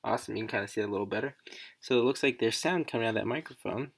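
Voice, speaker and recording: A woman educator giving a casual, chatty screen-recorded software walkthrough, thinking aloud as she works. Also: rumbling low, very fast, creaky, breathy edge.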